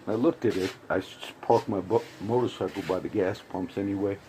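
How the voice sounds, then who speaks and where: A man's voice: on the low side, a little fast, warm tone, slight background noise, low-quality recording. A man giving a casual, rambling spoken commentary with frequent restarts and asides. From grew up around Puerto Rican and Cuban friends.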